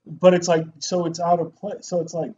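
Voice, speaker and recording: A man co-hosts a casual movie review chat in an animated, profane way. His voice sits fairly high. The sound is dull and lo-fi under a faint hiss. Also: normal speed. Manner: animated, swears a lot, mimics actors. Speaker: co-host of a movie review show.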